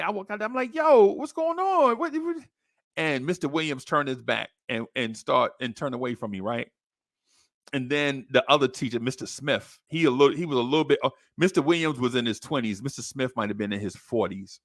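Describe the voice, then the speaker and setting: Animated New man telling a story. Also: no room sound, clean studio sound. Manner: animated, acts out quoted voices with high pitch jumps. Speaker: podcast host. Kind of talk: casual storytelling.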